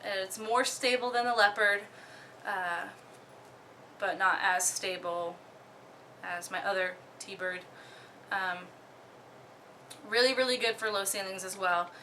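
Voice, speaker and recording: A young woman from Oklahoma casually talking through her disc golf bag, relaxed, with many ums and the odd giggle. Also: medium pitch, slow, a little hiss or hum. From Oklahoma, USA. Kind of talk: casual show-and-tell.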